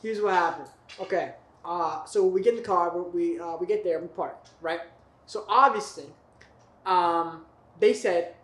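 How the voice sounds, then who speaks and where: A man's voice: high-pitched, moderate pace, fairly bright tone. A young man telling a long story in casual podcast chat, rambling with lots of restarts and "right?" tags. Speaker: podcast guest. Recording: echoey room with faint noise.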